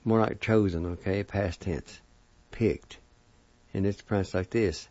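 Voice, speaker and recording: Slow, low-voiced man teaching pronunciation. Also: fairly even intonation, warm tone, no echo. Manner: spells words out and sounds syllables slowly. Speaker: language teacher. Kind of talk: slow spelling and pronunciation lesson. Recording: dull lo-fi recording.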